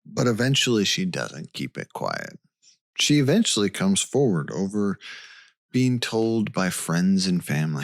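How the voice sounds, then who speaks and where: A man's voice: deep voice, very animated, unhurried, creaky, no room sound. A man co-hosting a podcast, retelling a case step by step in a casual way and checking in with "okay" as he goes. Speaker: podcast co-host. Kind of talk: casual storytelling chat.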